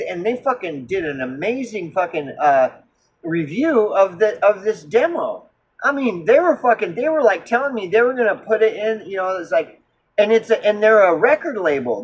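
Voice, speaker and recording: A man telling a story in a casual monologue, swearing a lot and talking in animated bursts full of fillers and restarts. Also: high-pitched, husky, dull audio. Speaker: musician.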